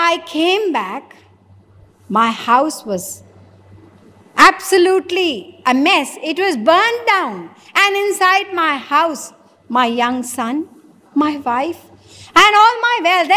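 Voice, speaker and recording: A woman's voice: extremely high pitch, big pitch swings, slow, pushed and bright, full character voice. A woman voicing a grieving adult man in a sermon. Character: grieving adult man mourning his losses. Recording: long hall reverb.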